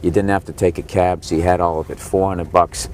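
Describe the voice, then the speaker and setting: Speaking a little fast in a deep, level, somewhat mellow voice, a man in his forties, a stand-up comedian who is slightly sick, rants sarcastically and profanely about his tour. He's in the back seat of a cab in city traffic, with faint traffic noise around him.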